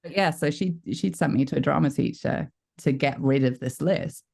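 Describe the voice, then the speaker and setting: A British woman in her forties speaks openly in an interview. She is a chatty, frank storyteller who is quick to poke fun at herself. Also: sits low, vocal fry, mellow. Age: 40s. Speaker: voice actor guest. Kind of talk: candid interview talk.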